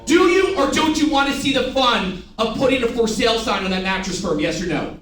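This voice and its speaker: A man's voice: extremely high pitch, fairly quick, slight background noise. A man giving a live sales training to a room of staff, joking and drilling them with call-and-response. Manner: animated, jokey, drills the audience with call-and-response. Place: large room with a live audience. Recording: echoey room, picked up from a distance.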